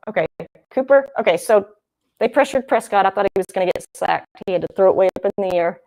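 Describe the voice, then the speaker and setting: A young woman talks her way through a live football broadcast. She rambles and thinks out loud and keeps circling back to the action on screen. She sounds like a casual livestream host. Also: medium pitch, lively intonation, fast. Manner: chatty and rambling, thinking aloud. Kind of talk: casual live game commentary.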